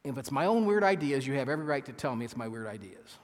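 A man preaching a sermon as pastor, earnest and halting, with frequent restarts, reading scripture slowly with emphasis. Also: medium pitch, very animated. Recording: long hall reverb.

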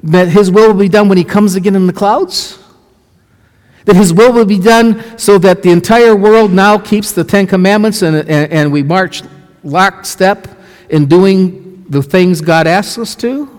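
High-voiced man preaching in a reverberant church. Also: a little slow. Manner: asks the congregation questions, lively storytelling with acted quotes. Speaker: pastor. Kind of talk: sermon. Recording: long hall reverb.

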